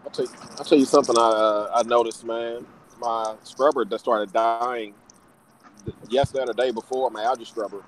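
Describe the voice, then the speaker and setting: A relaxed man chats casually on a group call, often restarting and repeating phrases as he thinks aloud. His voice sits at an ordinary middle pitch. Faint vehicle noise runs underneath. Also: a little fast, low-quality recording. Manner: laid-back, repeats himself while thinking. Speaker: reef hobbyist, chat participant.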